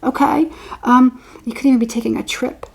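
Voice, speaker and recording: Female psychic reader, slightly high voice with vocal fry, loose and repetitive delivery. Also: fairly even intonation, fairly quick. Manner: rambling, repeats words while channeling. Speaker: tarot reader. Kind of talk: intuitive horoscope reading.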